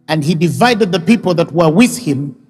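A man's voice: a little high, animated, moderate pace, husky. A male pastor preaching a sermon, retelling scripture and driving his points home with rising, emphatic questions. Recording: reverberant hall with faint music.

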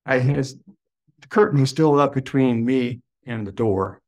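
A man who is a podcast guest tells a personal story. His delivery is slow and full of wonder, with sudden excited rises. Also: medium pitch.

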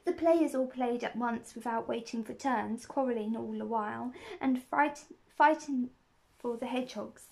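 A woman's voice: on the high side, normal speed, gravelly. A woman reading a children's novel aloud, steadily, with small slips and restarts. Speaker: reader.

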